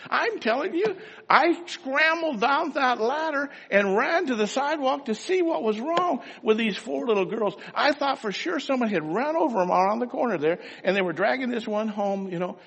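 A man preaching a sermon, telling folksy stories and building to fervent, loud exhortation. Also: very high voice, slightly rough, in a large hall.

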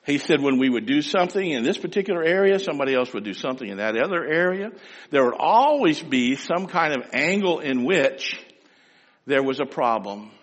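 Animated man preaching in a reverberant hall. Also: on the high side, brisk. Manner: animated storytelling, acts out loud pleading prayers; speaks directly to the congregation. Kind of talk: sermon.

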